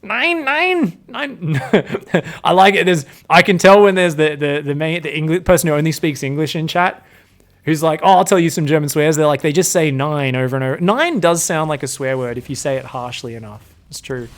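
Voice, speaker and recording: Brief: young man, game caster, slightly high voice, excitable and jokey, laughs a lot and slips into playful mock voices. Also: a little fast. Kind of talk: excitable esports commentary.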